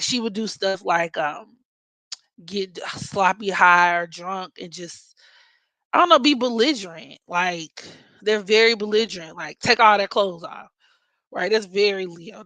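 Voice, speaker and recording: A woman with a Baltimore accent talks casually and bluntly, swearing freely and joking as she goes. Her voice sits at a middle pitch. The recording is close and dry, with no room sound. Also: expressive, a little slow, bright, forceful tone, no room sound, rough recording. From Maryland. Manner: blunt, profane, joking, playful mock voices. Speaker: astrology podcast host. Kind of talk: casual chat.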